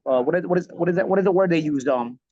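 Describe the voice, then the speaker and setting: A man with a New York accent, hosting a casual podcast chat, talking quickly with lots of restarts and "you know"s. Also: on the high side, dry recording, muffled recording. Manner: rapid, animated, full of restarts and "you know". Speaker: podcast host.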